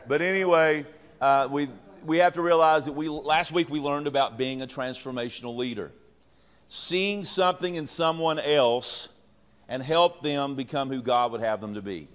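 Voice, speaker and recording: A man's voice: a little high, moderate pace. A middle-aged man, a pastor teaching leaders in a folksy, joking way with many fillers and restarts. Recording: long reverb from a hall.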